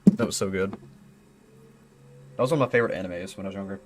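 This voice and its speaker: A man's voice: low voice, fast talker, a little mellow, a little hiss or hum. Young man reading clues on a live stream. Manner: reads reports aloud, then chats with viewers and laughs; thinks aloud while puzzling out a code. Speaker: streamer exploring an online mystery.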